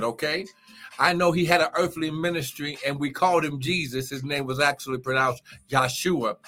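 A man's voice: medium pitch, sharp tone. A man preaching a live morning sermon as pastor, exuberant and repetitive, calling out praise and urging listeners on. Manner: repeats phrases and urges listeners to get it.

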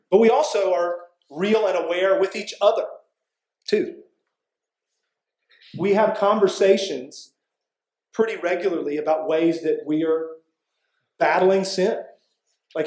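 A man's voice: a little high, slow pace, pauses often, a little mellow, roomy sound, poor audio. A man preaching a sermon as pastor, earnest and conversational, often checking in with the congregation. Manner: earnest, conversational preaching with frequent "right?" asides.

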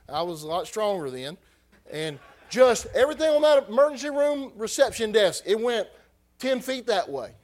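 A high-voiced preacher telling a story from the pulpit. He drops to a near hush, then climbs to loud, heated bursts. His delivery is raw and emotional. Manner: emotional, rising from hushed to loud. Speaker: pastor. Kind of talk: sermon storytelling.

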